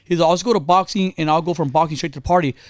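A man's voice: fairly high pitch, no echo, clean studio sound. A man in his thirties, a podcast co-host, telling stories about his son in heated, profane casual chat. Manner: fast-talking, profane, heated.

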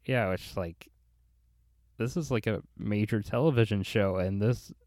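A man's voice: lowish voice, measured pace, a little mellow, dry recording. A young man in casual film chat, talking in a dry, critical way and often repeating words as he starts.

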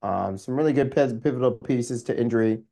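A man's voice: medium pitch, brisk, vocal fry, warm tone. A man co-hosting a sports podcast, chatting casually with plenty of ums and restarts. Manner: rambling, many fillers and restarts. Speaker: podcast co-host.

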